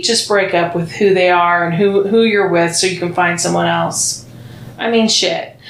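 With a mid-range, slightly bright voice, this podcast co-host reads out listener comments during casual chat. She's blunt and swears, laughs a lot, and is recorded in an echoey room with faint background noise.

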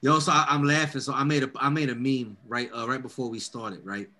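Loud, profane storytelling man. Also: medium pitch, a little fast, a little hiss or hum. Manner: loud, profane, animated storytelling with quoted voices. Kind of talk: casual chat.

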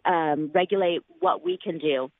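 A woman's voice: fairly low pitch, wildly swooping pitch, moderate pace, no room sound. Woman calling in over a tinny phone line. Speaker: caller, physician. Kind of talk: radio call-in. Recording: phone line into radio show.

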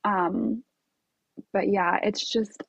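A woman's voice: mid-range voice, fairly even intonation, drawn-out words, vocal fry, slightly rough, no echo. A woman telling a story as an interview guest, bubbly and chatty with many fillers and laughs. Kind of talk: casual storytelling.

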